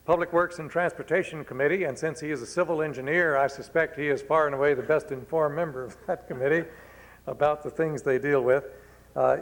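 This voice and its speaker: A man moderating an event, giving a measured, dry introduction of a guest speaker with small jokes. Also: mid-range voice, poor audio. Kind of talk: formal introduction.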